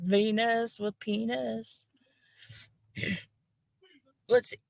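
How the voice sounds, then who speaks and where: A woman's voice: on the high side, flat delivery, very slow, gravelly, dry recording. A woman hosting her own channel, chatting casually with bawdy jokes and laughing at them. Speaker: channel host. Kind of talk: casual chat.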